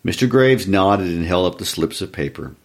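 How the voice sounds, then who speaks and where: Deep-voiced man reading a story. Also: moderate pace. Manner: calm, even storytelling with shifts for each character. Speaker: reader. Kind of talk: reading a short story aloud.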